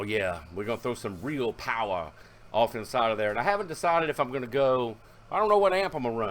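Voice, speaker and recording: A man, talking casually and rambling in a hobby video, with fillers and self-corrections. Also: on the high side. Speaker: car audio hobbyist vlogger. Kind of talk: casual vlog narration.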